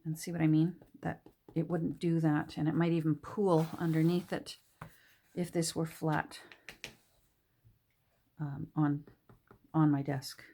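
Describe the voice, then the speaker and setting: A woman talking casually through a crafting tutorial at her desk, soft-spoken and hesitant, with many fillers and restarts. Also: low-pitched, flat delivery, a little slow, gravelly. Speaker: junk journal crafter. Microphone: camera on the desk.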